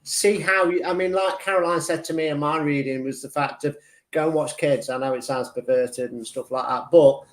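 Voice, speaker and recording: A man's fairly high voice moves at a moderate pace with fairly even intonation as he gives an intuitive reading on a live stream. The tarot reader and medium rambles chattily, restarting and using fillers a lot while dramatizing his own internal arguments.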